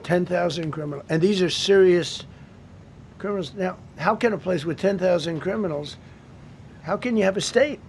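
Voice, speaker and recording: A man's voice: high-pitched, normal speed, a little hiss or hum. A man in his seventies giving off-the-cuff remarks at a press briefing in a government briefing room, blunt and repetitive, with rambling asides, into a podium microphone. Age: 70s.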